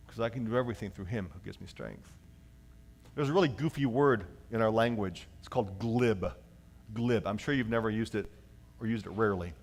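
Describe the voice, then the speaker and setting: A male pastor preaching a sermon in an animated way. He leads the congregation in reading aloud. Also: lowish voice, fast. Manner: animated preaching, slips into acted voices.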